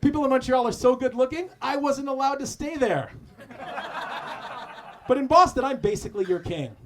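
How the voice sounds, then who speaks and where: A comic from Canada trades crude, mocking punchlines in a roast battle. His voice is high and lively, jumping around as he lands insults. It's a handheld mic on a club stage, in a noisy recording. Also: normal speed.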